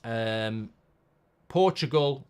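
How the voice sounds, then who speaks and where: A man's voice: mid-range voice, lively intonation, drawn-out words, darkish tone, clear, resonant tone. A man hosting a live football watchalong, talking bluntly and reacting to the game while reading viewer comments.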